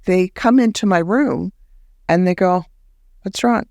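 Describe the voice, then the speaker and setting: A woman's voice: gravelly, no room sound, clean studio sound. Woman telling a personal story. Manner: animated, acts out remembered words in a higher voice; halting restarts when recounting. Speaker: guest. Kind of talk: personal storytelling in a podcast interview.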